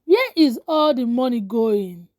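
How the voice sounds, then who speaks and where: Brief: broke, complaining husband, read by a woman, high and lively delivery. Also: a little slow, no room sound, studio quality. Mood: frustrated. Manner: strained, complaining. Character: frustrated, broke husband full of regret.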